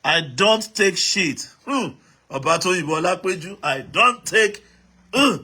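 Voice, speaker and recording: A man's voice: high-pitched, expressive, measured pace, pushed and bright. A Nigerian man hosting a live stream, reading out viewer comments and urging the audience to write in, switching between English, Pidgin and Yoruba.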